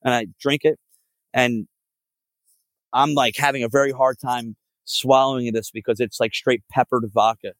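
With a fairly bright, mid-range voice and fairly even intonation, a man speaks at a moderate pace with no room sound. As a podcast guest, this band frontman from the Philadelphia area casually tells a long road story that meanders, gets profane and is full of fillers.

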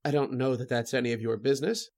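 An actor playing a flustered, indignant mystery writer in a radio drama. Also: male voice, mid-range voice, steady tone, fast talker, darkish tone, close to an everyday voice. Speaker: Sam Chase. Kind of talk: 1930s radio drama acting.

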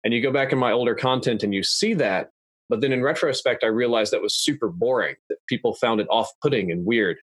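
A young adult man talking in a measured, analytical, plain-spoken way as a podcast guest. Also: mid-range voice, no room sound. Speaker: guest YouTuber. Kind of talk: casual podcast interview. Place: podcast studio.

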